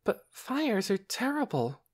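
A man voicing an earnest, determined young girl in an audiobook, blunt and quick to protest. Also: sits high, big pitch swings, voice pushed up, full character voice. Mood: worried. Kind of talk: audiobook character reading.

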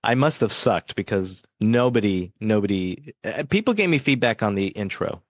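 A man's voice: lowish voice, animated, normal speed, dry recording. A man hosting a podcast in casual chat, friendly and joking with his co-host.

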